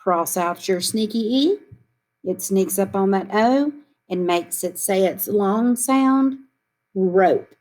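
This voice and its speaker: A woman's voice: medium pitch, expressive, a little mellow. Woman teacher leading a kids' phonics lesson. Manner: slow and clear, repeating questions for kids to echo. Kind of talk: phonics lesson for young children.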